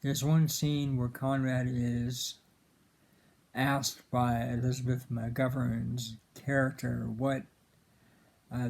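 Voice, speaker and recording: Guy rambling about a movie he loves, slow and gravelly, lots of ums and uhs. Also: medium pitch, darkish tone. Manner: halting, many fillers and restarts; earnest and emotional about the film. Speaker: film commentator. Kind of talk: casual film commentary.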